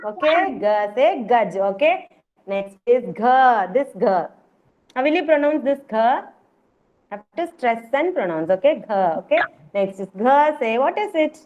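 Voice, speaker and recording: A woman's voice: high-pitched, expressive, a little slow, slight background noise. A woman with an Indian English accent, a preschool teacher running an online class and encouraging the children with repeated call-outs. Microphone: video call. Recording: muffled online call audio.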